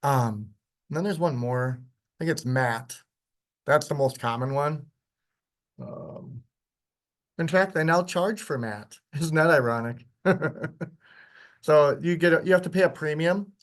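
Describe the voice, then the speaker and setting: A man teaching a workshop, walking through software in a casual, chatty way with frequent ums. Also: a little high, unhurried, long pauses. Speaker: workshop instructor. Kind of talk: live software demonstration lecture.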